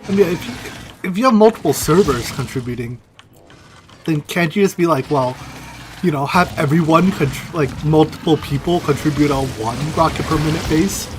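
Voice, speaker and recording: A man's voice: on the high side, moderate pace, a little hiss or hum. A man streaming a game, chatting and musing aloud as he plays, his voice tired and strained. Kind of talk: casual gameplay commentary.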